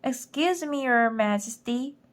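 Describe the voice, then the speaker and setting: A woman voicing a quick-thinking young boy, polite and eager, pleading with an ant queen in a storybook reading. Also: a little high, animated, pitched above the performer's own voice.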